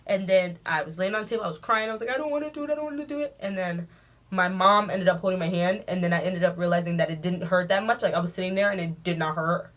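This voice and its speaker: Animated woman telling a story. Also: lowish voice, quick pace. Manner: animated, dramatic retelling with frequent asides. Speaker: vlogger. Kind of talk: storytime vlog.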